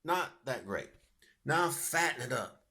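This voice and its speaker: A man's voice: medium pitch, very animated, slow pace, pushed and bright, slightly rough, dry recording. A man talking in a casual, rambling vlog, jokey and full of fillers. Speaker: vlogger and singer.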